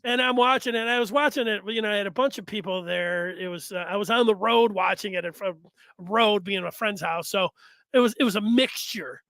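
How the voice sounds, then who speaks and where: A man hosting a sports talk show, chatting casually and acting out announcers and fans with lively energy. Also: sits high, brisk, gravelly, dry recording. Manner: animated, acts out fans and announcers. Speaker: sports radio host.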